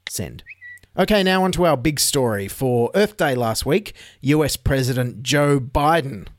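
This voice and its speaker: A man with an Australian accent hosting a satirical news show, delivering sarcastic deadpan jokes. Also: medium pitch, moderate pace, no room sound. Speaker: comedy news host.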